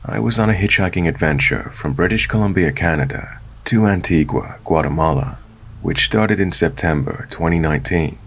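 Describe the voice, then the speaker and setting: A man narrating a true scary story in a steady, measured storytelling voice. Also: deep voice, gravelly, breathy edge. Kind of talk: scripted narration.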